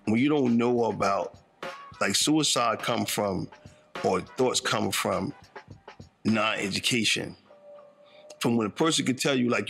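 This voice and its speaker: Gravelly and a touch bright, this mid-range male voice belongs to a man in his fifties from northern New Jersey. He tells his own story reflectively and conversationally, using street slang and repeatedly asking "you know what I'm saying."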